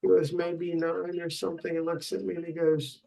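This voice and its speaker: A man's voice: a little high, level tone, normal speed, creaky, hardly any pauses, dark tone, low-quality recording. A middle-aged man and father rambling through a personal video diary, meandering with many fillers and restarts. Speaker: father recording a video log.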